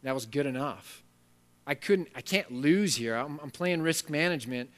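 A man's voice: on the high side, animated, normal speed, a bit bright. A man voicing a lazy male servant who makes defensive, rambling excuses. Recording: long hall reverb.

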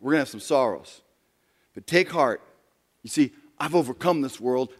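A pastor preaching a sermon, swinging from quiet, low talk to loud, raised passages. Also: male voice, animated, normal speed. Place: church sanctuary. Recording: long reverb of a large hall.

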